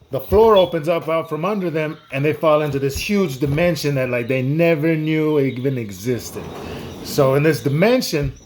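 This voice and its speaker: A man's voice: fairly high pitch, a little mellow, slight background noise. A man improvising a made-up story in a loose, rambling, slangy way, full of "like" and "dude". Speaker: storyteller host.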